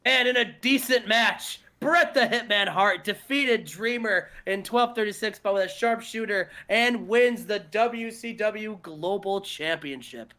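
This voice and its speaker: A man co-hosting a podcast, recapping a wrestling game in casual, animated storytelling. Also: high voice, unhurried, few pauses. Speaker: podcast co-host.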